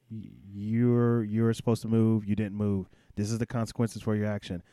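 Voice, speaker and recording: A man's voice: fairly low pitch, flat delivery, moderate pace, warm tone, no room sound. A man who is a former Army drill instructor, telling stories bluntly and profanely in a casual interview.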